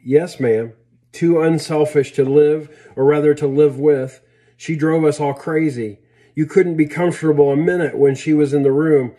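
A man's voice: on the high side, steady tone, moderate pace, warm tone, natural voice. A man voicing a dry, teasing old grandfather in a read-aloud story, plainspoken.

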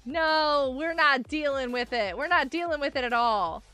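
A woman live-streams a game, chatting and giggling as she greets her viewers, with faint music behind her. Her high, bouncy voice swings widely and animatedly at a moderate pace.

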